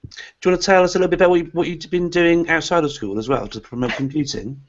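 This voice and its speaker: A man's voice: a little high, steady tone, fast talker, a little hiss or hum. A man hosting a live online webinar for teachers, introducing guests with many hesitant "uh" fillers. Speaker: host. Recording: lo-fi online call audio.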